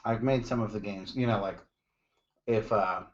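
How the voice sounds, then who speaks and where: A man's voice: on the low side, normal speed. A man co-hosting a podcast in casual chat, telling jokes and stories with casual swearing. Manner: jokey storyteller, swears casually. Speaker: podcast co-host. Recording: dull lo-fi sound.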